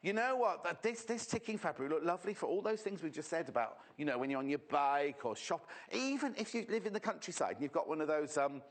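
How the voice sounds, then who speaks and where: A man hosting a live sewing segment in a TV studio, talking in a chatty, gossipy way and teasing the crew. His voice sits a little high and swings widely in pitch as he reacts, rising and dipping all through his talk. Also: animated, fast, hardly any pauses. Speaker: shopping channel presenter.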